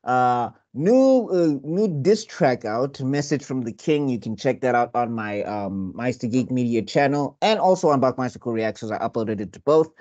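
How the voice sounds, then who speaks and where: A man's voice: mid-range voice, animated, normal speed, hardly any pauses, darkish tone, highs cut off. A man from South Africa co-hosting a podcast, playful and hyped. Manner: playful, laughing, hype. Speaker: podcast co-host. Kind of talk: casual podcast chat.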